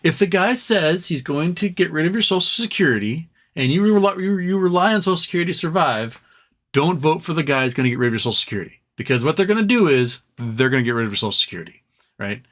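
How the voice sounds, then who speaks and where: A man's voice: fairly high pitch, expressive, quick pace, fairly bright tone. A man hosting a livestream, chatting casually and rambling, acting out other people's lines with exasperation. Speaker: livestream host.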